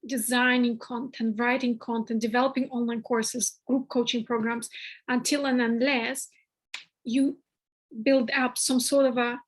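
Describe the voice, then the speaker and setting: A woman host with a high voice talks through coaching advice in a casual interview. She is earnest and restarts her phrases often as she thinks aloud. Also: flat delivery, measured pace, poor audio. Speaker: podcast host. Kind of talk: conversational interview.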